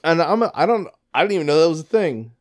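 A man in his thirties telling a story in casual chat, profane and excited, jumping into high voices when quoting people. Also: quick pace.

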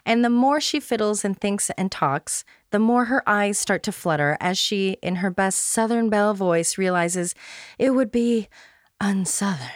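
A woman's voice: medium pitch, normal speed, few pauses, clean tone, no echo. Woman host reading a playful recap, dry. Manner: playful, self-deprecating humor. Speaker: podcast host. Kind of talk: scripted recap read aloud.

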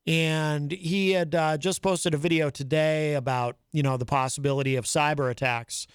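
A man's voice: a little high, steady tone, moderate pace, clear, resonant tone, no echo, studio quality. A man hosting a live talk show, chatting casually and reading viewer comments aloud. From New England, US. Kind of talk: casual live-stream chat.

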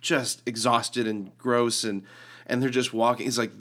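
A man co-hosting a casual faith podcast, chatty and full of "like", acting out quoted lines with a lifted voice. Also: a little slow. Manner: animated, acts out quoted lines with rising pitch; lots of "like" and restarts. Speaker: podcast co-host.

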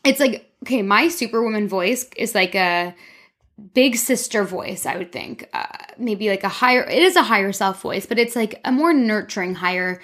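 A woman hosts a loose, unscripted solo podcast from her own room. She talks candidly and rambles, filling her speech with "like" as she gives herself a pep talk. Her voice sits at an ordinary middle pitch for a woman. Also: expressive, normal speed, fairly bright tone. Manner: candid, rambling, self-encouraging with many "like"s. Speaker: podcast host. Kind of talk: casual solo podcast monologue. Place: her own room, speaking toward a mirror.

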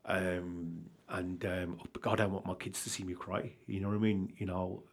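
A man's voice: low voice, flat delivery, moderate pace. A man who runs a charity, earnestly telling his own story in an interview, rambling and often checking he is understood. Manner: earnest, rambling, keeps asking "do you understand?". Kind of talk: candid personal account in an interview.

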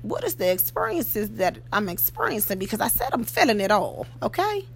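Gravelly woman giving an emphatic pep talk. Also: mid-range voice, very animated, fairly quick. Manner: emphatic, keeps asking "okay?" and "you know?". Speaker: podcast host. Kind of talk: motivational monologue.

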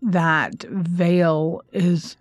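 A woman co-hosting a podcast in casual chat. She laughs often and slows down for emphasis. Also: fairly low pitch, steady tone, dry recording, studio quality, soft background music. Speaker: podcast co-host.

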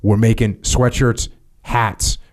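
A man's voice: fairly low pitch, flat delivery, slow pace. A man hosting a podcast, talking casually and emphatically about sponsor products, repeating phrases for emphasis and joking. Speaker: podcast host. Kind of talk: casual chat with sponsor reads.

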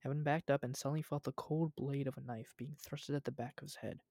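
A man's voice: mid-range voice, quick pace, creaky, no room sound, clean studio sound. Young man reading a story aloud. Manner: relaxed, laughs at his own reading. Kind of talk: casual chat and story reading.

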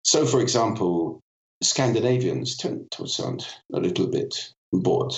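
A man's voice: fairly low pitch, very animated, unhurried, vocal fry, roomy sound, low-quality recording. A man with a cold, a voice and communication expert, explaining articulately as a podcast guest and demonstrating vocal effects as he goes. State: has a cold. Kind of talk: explanatory interview talk.

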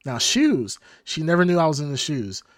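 A man hosting a podcast, telling funny home stories in a loose, animated way, laughing and swearing often. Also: fairly high pitch, normal speed, no room sound, clean studio sound. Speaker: podcast host. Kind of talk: casual storytelling chat.

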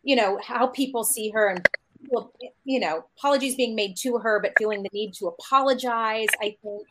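High-voiced woman telling a story. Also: normal speed, heavy background noise. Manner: anecdotal, acts out quoted dialogue. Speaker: actor and panel guest. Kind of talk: casual panel storytelling.

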